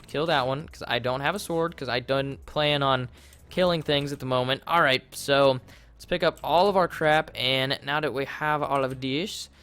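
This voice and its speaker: A young man livestreams a modded block game, casually commenting as he plays in a medium-pitched, smooth voice. He rambles, gets flustered easily and often breaks into loud, panicked yelling.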